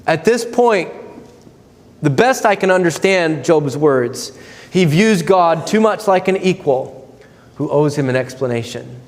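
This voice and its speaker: A man preaching a sermon as pastor, earnest, swinging from loud, lively quoted asides to low, hushed emphasis. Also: measured pace, long reverb tail. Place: church sanctuary.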